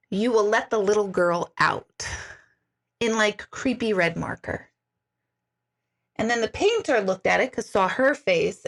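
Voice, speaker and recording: A woman who works as a medium tells a story casually to viewers. She talks in an animated way, laughs often and fills her talk with "like" and "right?". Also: mid-range voice.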